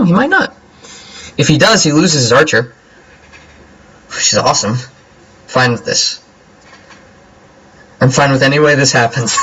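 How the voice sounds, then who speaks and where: A young man casually commentating his own card game as he plays, joking and thinking out loud. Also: medium pitch, husky, poor audio. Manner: playful, jokey, talks to himself while playing. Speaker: gameplay commentator.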